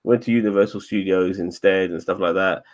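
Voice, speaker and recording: A man's voice: sits low, steady tone, brisk. A man chatting casually as podcast co-host, rambling, swearing a lot and stumbling over repeated words. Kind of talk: casual chat.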